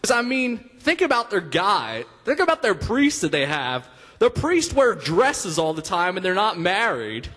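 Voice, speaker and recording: High-voiced young man doing stand-up. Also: sing-song, a little slow, a bit bright. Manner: rambling, laughs at own jokes, filler-heavy. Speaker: stand-up comic. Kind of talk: stand-up comedy set. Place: stage in a hall. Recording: long hall reverb.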